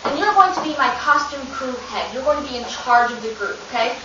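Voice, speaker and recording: A woman's voice: sits high, a little fast. A woman teacher leading a drama workshop for children, upbeat and encouraging as she hands out roles. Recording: echoey, distant, dull lo-fi with hiss.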